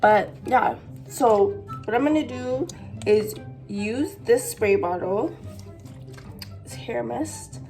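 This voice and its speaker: Slow-talking giggly young woman vlogger. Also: a little high, lively intonation, darkish tone, soft background music. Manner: giggly, talks with lots of fillers. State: stuffy nose from allergies. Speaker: vlogger pranking her boyfriend. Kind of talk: casual chatty vlog.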